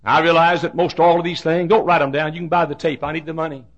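A middle-aged man preaching a sermon as a pastor, telling a story and building to shouted climaxes. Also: a little high, flat delivery, quick pace, highs cut off.

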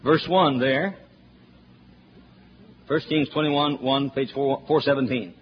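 A man's voice: on the high side, animated, unhurried. A man preaching a sermon through a Bible chapter, folksy and joking, building to emphatic points, on a dull lo-fi recording with faint noise.

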